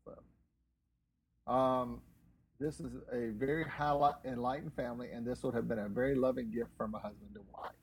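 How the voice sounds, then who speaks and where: A man's voice: mid-range voice, steady tone, moderate pace, gravelly, slight background noise, poor audio. A man co-hosting a casual talk show, reading news articles aloud in a dry, matter-of-fact way with offhand asides. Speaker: co-host reading news stories.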